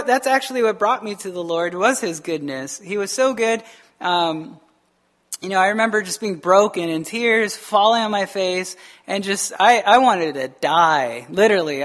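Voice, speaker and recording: A man's voice: sits high, a bit bright. A male pastor giving an informal sermon that mixes scripture reading with personal testimony, often asking his listeners "right?" in an earnest, plainspoken way.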